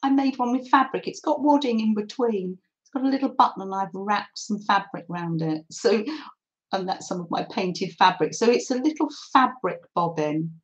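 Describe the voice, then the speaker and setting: A middle-aged woman hosting a live craft session, chatting warmly to viewers and reading their comments as she works. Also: mid-range voice, moderate pace, muffled recording. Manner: friendly, reads out chat comments while crafting. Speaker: craft livestream host.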